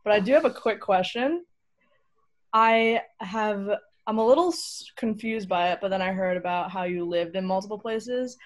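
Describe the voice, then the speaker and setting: A woman's voice: medium pitch, normal speed. A young woman co-hosts a talk show. She is bubbly and chatty and laughs easily. Her voice sits in a natural mid range. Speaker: co-host.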